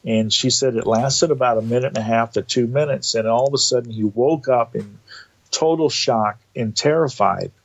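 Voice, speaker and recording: A man telling a personal story in a casual, animated way, acting out the quoted dialogue. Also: medium pitch, moderate pace, lo-fi sound. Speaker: guest telling of entity encounters.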